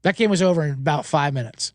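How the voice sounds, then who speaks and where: A man's voice: on the high side, quick pace, no room sound, clean studio sound. A man hosting a sports betting show, recapping games in a rambling, profane, joking way and slipping into mocking voices.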